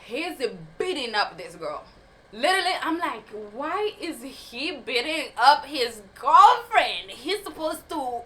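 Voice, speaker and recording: A young woman tells a story in a casual vlog, animated and quick to laugh, cursing freely. Her voice sits a little high and sounds bright and forceful. Faint noise hums behind her. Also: low-quality recording. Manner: animated, swearing, laughs often. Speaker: vlogger telling a story.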